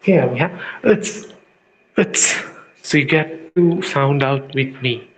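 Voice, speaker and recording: A man teaching a language lesson, speaking deliberately and repeating each sound several times for his students. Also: mid-range voice, slight background noise, poor audio. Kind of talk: slow classroom-style lesson.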